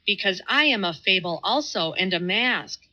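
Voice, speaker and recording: Lady narrator doing a stubborn young atheist guy, slow and vehement, bright voice, muffled audio. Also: mid-range voice, expressive. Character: fierce stubborn young atheist man in disguise.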